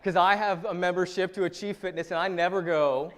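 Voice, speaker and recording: A man's voice: high-pitched, quick pace, few pauses, a bit bright, in a large hall. A man preaching a sermon as pastor in a church, talking to the congregation in a joking, conversational way. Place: church sanctuary.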